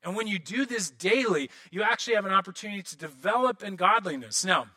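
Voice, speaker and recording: A man in his thirties preaching a sermon as pastor, animated, often acting out prayers and quotes in other voices. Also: sits high, quick pace.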